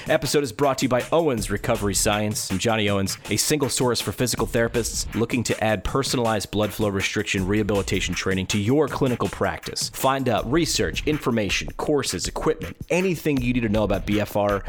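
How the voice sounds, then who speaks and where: A man's voice: lowish voice, lively intonation, brisk, hardly any pauses, soft background music. A man casually introducing his podcast episode and reading a sponsor message. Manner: casual, loose. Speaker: podcast host.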